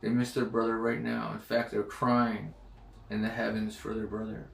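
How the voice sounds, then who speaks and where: A man voicing a gentle, innocent divine figure who consoles softly. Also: lowish voice, level tone, normal speed, gravelly, slight background noise. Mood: consoling. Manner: soft, tender. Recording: echoey room, far from the mic.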